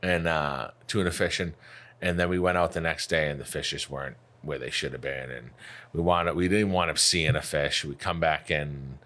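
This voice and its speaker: A man with a Northeastern US accent, a fishing captain, recounting trips in a relaxed, halting way on a podcast. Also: very deep voice. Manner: relaxed, halting retelling with restarts. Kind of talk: casual podcast chat.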